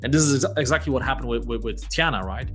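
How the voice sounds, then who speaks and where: A man's voice: medium pitch, quick pace, fairly bright tone, soft background music. Male podcast host asking questions. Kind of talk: interviewing.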